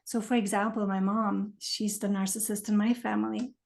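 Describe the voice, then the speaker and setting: A woman being interviewed, explaining things thoughtfully and letting her lines trail off softly. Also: medium pitch, little pitch movement, normal speed, gravelly. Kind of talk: conversational interview.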